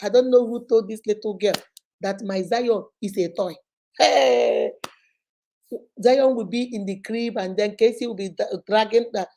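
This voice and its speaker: A middle-aged woman, hosting a show and telling family stories in a lively, exclaiming way. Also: medium pitch, measured pace, vocal fry. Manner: animated, exclaiming, laughing often. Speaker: host. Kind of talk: casual storytelling chat.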